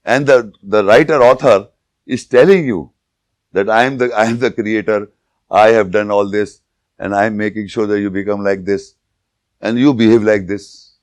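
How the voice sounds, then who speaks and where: A man giving an informal religious lecture, telling jokes and anecdotes and pausing to search for words. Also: fairly low pitch, fairly even intonation, no echo. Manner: anecdotal, joking, with searching pauses and restarts. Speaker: Islamic lecturer.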